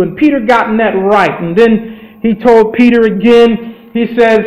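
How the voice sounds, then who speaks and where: High-voiced man preaching in an echoey room. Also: steady tone, moderate pace, a little mellow. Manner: earnest storytelling preaching, with loose grammar. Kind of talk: sermon.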